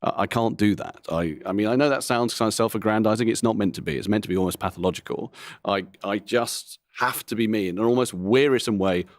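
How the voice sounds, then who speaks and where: A man's voice: fairly low pitch, no room sound, clean studio sound. A middle-aged man, a comedian, talking candidly in an interview, rambling and self-deprecating with frequent asides. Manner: frank, rambling, self-deprecating, quick to laugh. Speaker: comedian guest.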